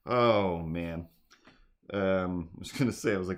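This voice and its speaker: A man's voice: deep voice, animated, a little slow. A man hosting a casual livestream while drawing at home, rambling in a goofy, self-mocking way, his voice a bit worn. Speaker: livestream host and artist. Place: home apartment.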